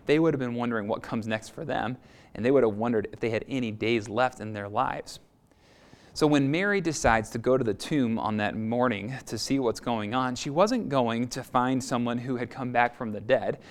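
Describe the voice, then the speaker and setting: A man preaching a sermon, retelling a story in a lively, expressive storytelling manner. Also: mid-range voice, moderate pace. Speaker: pastor.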